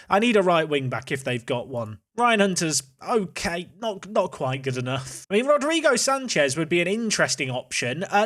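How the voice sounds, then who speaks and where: Guy chatting thru a game, thinks out loud, bouncy high voice. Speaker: host. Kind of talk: casual gameplay commentary.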